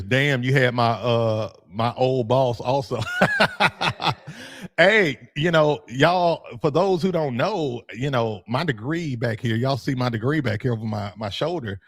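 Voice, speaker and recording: An animated man in casual podcast talk, joking and laughing often as he makes his points. His delivery is loose and conversational, with plenty of casual swearing. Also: medium pitch, moderate pace, breathy edge. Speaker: youth football coach and podcast host. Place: room with his degree on the wall.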